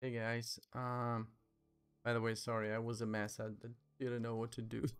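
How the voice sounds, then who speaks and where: A man streaming live gameplay, talking excitedly and panicking as he plays. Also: mid-range voice, normal speed, clean tone. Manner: panicky, excitable, swears mildly.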